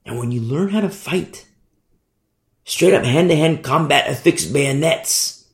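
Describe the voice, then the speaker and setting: A man preaching a sermon with fervent emphasis, swinging between loud declarations and hushed asides. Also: on the high side, lively intonation, unhurried. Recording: echoey room.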